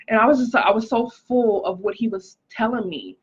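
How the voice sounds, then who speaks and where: A woman's voice: on the high side, moderate pace, breathy edge, muffled recording. A woman giving an earnest, emotional testimony on a live stream as a life coach, reading viewer comments aloud. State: pregnant, recovering from stroke.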